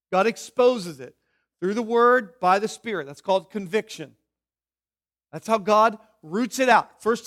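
A man preaching a sermon as pastor, swinging between loud emphasis and quiet asides. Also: extremely high pitch.

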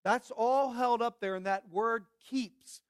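A man's voice: very high voice, slow, clear, resonant tone, no echo, studio quality. A man preaching a sermon as pastor, emphatic and repeating key phrases for weight.

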